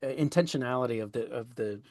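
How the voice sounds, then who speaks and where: A man's voice: mid-range voice, fast, darkish tone, dry recording, clean studio sound. A man hosting a podcast, talking about a poem in an enthusiastic, conversational way with frequent fillers. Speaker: podcast host. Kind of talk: literary discussion.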